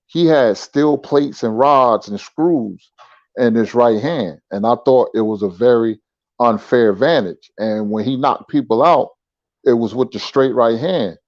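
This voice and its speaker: A man talking casually as a guest, telling stories in a relaxed, conversational way. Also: mid-range voice, dry recording. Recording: dull lo-fi sound.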